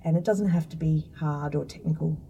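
A woman's voice: deep voice, fairly even intonation, a little fast, vocal fry, warm tone, far from the mic, highs cut off, a little hiss or hum. A woman, chatting casually as a guest and explaining food science with lots of fillers. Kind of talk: casual interview talk.

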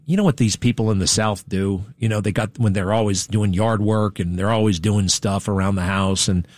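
A man's voice: lowish voice, steady tone, normal speed, darkish tone, no room sound. Dry, rambling male talk-show host. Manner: digressive, wry, talks to studio crew. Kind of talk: rambling monologue, casual chat.

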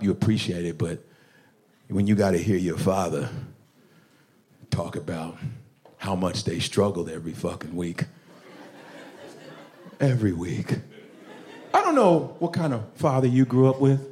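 A man doing a stand-up routine, talking with the crowd loudly and mimicking his parents' voices. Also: on the low side, animated, normal speed, long pauses. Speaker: stand-up comedian.

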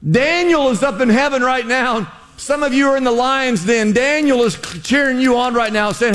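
A man's voice: very high-pitched, moderate pace, hardly any pauses, fairly bright tone, long reverb tail. A male pastor preaching a sermon in a church, with impassioned exhortations and lots of repetition.

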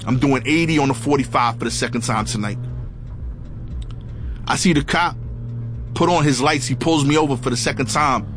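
A man telling a comic story in an animated, dramatic way, acting out the dialogue. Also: medium pitch, normal speed, pauses often, faint music behind.

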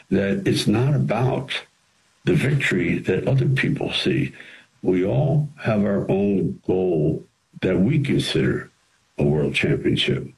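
Deep-voiced older man telling stories. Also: poor audio. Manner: rambling, animated storytelling with acted-out quotes. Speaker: interview guest, actor and writer. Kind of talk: anecdotal interview storytelling.

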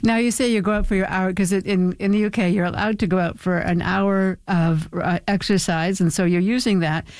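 A woman's voice: mid-range voice, fairly even intonation, fairly quick, few pauses, a little mellow, dry recording. Friendly woman radio interviewer.

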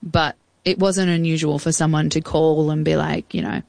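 A woman's voice: deep voice, steady tone, normal speed, creaky, a little mellow, no echo. An Australian woman in her thirties recounting a personal story in a candid, chatty way as an interview guest, acting out old phone calls. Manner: candid, chatty, acts out past conversations.

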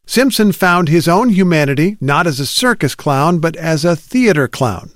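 A man's voice: a little high, animated, moderate pace, dry recording, studio quality. A man interviewing a guest, curious and lightly playful between narrated links.

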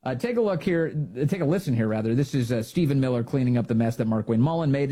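Male talk host, husky and lively, sarcastic commentary. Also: fast talker, few pauses. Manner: sarcastic, mocks others in put-on high voices. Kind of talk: opinionated political commentary.

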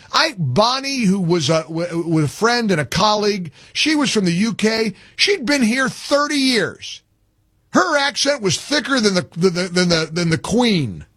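Emphatic husky talk radio host, a man. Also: high-pitched, fairly bright tone, no room sound, studio quality. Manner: emphatic, incredulous, with repeated phrases. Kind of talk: opinionated talk radio monologue.

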